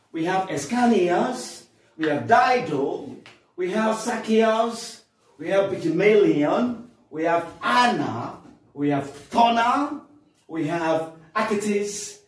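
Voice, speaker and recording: A man's voice: high voice, echoey room, recorded from a distance, poor audio. A man giving an online lecture on classical poetry, talking in a repetitive way with frequent fillers and "of course".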